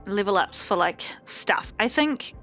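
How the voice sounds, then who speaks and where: A woman casually chatting and rambling as she hosts a let's play video, with animated swings in her voice. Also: medium pitch, unhurried, soft background music. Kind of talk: casual gameplay commentary.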